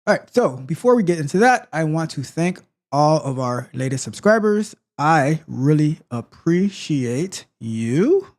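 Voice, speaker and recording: A male host chatting casually on a live tech stream. His voice sits a little high, and he is friendly as he greets viewers in the chat. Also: expressive, normal speed, few pauses.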